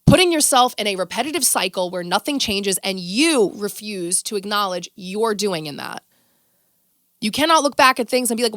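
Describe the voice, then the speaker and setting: A woman hosting her own podcast, giving a casual motivational monologue in a blunt, animated way and swearing freely. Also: mid-range voice, no echo, clean studio sound. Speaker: podcast host.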